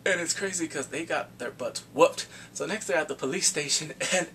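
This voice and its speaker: A man casually recapping a drama, animated and laughing often as he acts out the scenes. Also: a little high, normal speed, a little hiss or hum. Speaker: drama reviewer.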